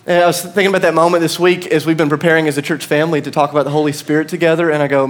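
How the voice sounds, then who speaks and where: A man's voice: fairly high pitch, little pitch movement, very fast, hardly any pauses. A man in his thirties with an American accent, preaching a sermon as pastor and telling a story with self-deprecating humor.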